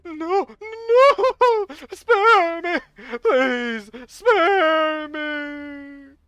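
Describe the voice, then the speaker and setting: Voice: extremely slow, sharp tone, no echo, dull audio, soft background music, heavily acted. A streamer reading a game story aloud live and voicing a terrified old male bishop who stammers and begs. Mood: begging. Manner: shrill frantic pleading and stammering.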